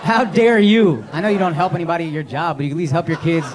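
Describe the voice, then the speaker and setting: A man's voice: fairly high pitch, steady tone, racing, very noisy. A man in his thirties doing crowd work on a comedy club stage, brash and profane, teasing audience members through a handheld mic. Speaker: stand-up comedian. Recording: live club set with loud crowd laughter. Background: audience laughter and clapping.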